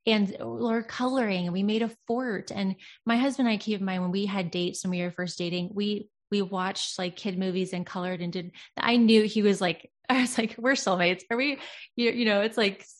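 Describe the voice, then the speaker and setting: A woman's voice: mid-range voice, steady tone, normal speed, few pauses. A woman in her thirties talking in an earnest, flowing, reflective way in a casual conversation.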